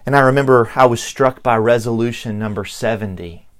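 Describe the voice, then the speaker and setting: A middle-aged man with a Southern US accent, preaching a sermon as pastor, slow and deliberate with emphatic pauses. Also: medium pitch. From Southern United States.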